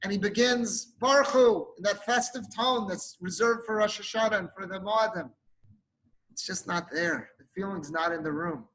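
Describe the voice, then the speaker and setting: A man's voice: sits high, normal speed, fairly bright tone, low-quality recording. A male rabbi giving a sermon, telling an emotive story and sprinkling in Hebrew and Yiddish terms.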